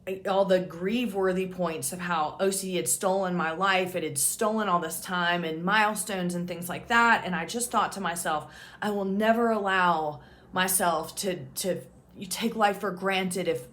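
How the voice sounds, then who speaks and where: A woman's voice: lowish voice, normal speed, fairly bright tone. Frank, casual woman telling her own story. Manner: frank and casual, swears freely, laughs at herself. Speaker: OCD peer support specialist and channel host. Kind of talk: candid personal storytelling to camera.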